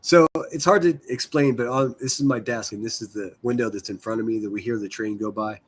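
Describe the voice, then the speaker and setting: Husky, profane livestreaming man. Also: mid-range voice, fairly even intonation, fairly quick. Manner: profane, rambling, self-deprecating. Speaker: livestream host. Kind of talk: casual livestream chat.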